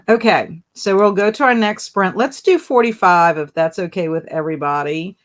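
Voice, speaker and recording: A woman's voice: fairly low pitch, normal speed. A woman hosting a casual live stream, chatting, laughing often and reading viewers' comments aloud. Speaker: livestream host.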